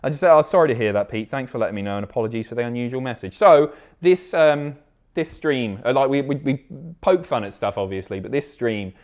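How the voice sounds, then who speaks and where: A man's voice: mid-range voice, brisk. A man in his thirties hosts a live stream, chatting casually and reading out viewer messages. His voice swings widely up and down as he jokes and swears through the banter. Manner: animated, sweary, banter-filled.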